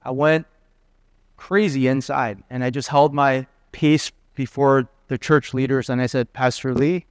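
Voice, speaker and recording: Speaking a little slowly in a smooth, mid-range voice, a middle-aged guest preacher shares personal stories in his sermon and voices the quoted dialogue with lively energy. The recording is dry, and his manner is earnest.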